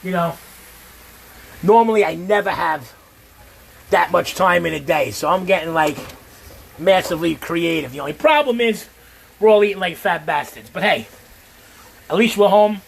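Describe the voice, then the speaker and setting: A brash, swearing middle-aged man, chatting to his viewers while he cooks at home. His voice sits high for a man. A faint hum of the kitchen hangs behind him. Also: normal speed, creaky, long pauses. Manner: brash, profane, talks straight to viewers. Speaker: home cook. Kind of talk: casual cooking livestream chat.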